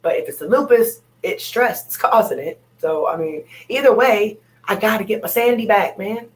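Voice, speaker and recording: A woman's voice: mid-range voice, moderate pace, low-quality recording. A woman speaking on an open panel, talking candidly and bluntly, repeating her points for emphasis. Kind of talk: candid casual chat.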